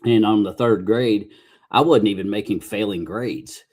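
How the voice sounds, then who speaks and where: A middle-aged man chats on his podcast in a lowish voice. He rambles folksily, restarting his sentences and dropping mild curses as he goes. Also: normal speed, darkish tone. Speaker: podcast host. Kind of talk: casual podcast chat.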